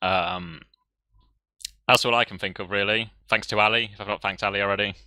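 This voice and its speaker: A man's voice: fairly low pitch, fairly even intonation, fairly quick, no room sound. A man casting a gaming tournament, wrapping up the stream with rambling thank-yous and frequent laughter. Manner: giggly, rambling shout-outs. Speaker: tournament caster. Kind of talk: casual stream wrap-up chat.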